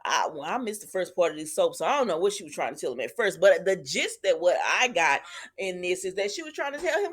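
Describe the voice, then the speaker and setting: A woman's voice: on the low side, big pitch swings, quick pace, slightly rough. A woman chatting casually to her viewers as she recaps a soap episode, retelling scenes and calling them y'all. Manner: retells scenes, quoting characters. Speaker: soap opera reviewer.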